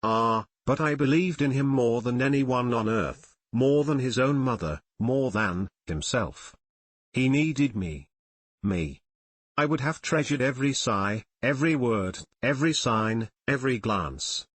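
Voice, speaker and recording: A man reading the lines of a grieving young woman in an audiobook, hushed and mournful with emphatic repetitions. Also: mid-range voice, lively intonation, measured pace, slightly rough, no room sound. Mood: pleading.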